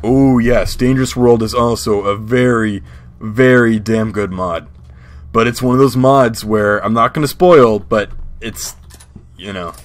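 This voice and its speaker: A man's voice: lowish voice, a little slow. Rambling young streamer man. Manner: rambling, many fillers and restarts. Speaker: game streamer. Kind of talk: casual let's-play commentary.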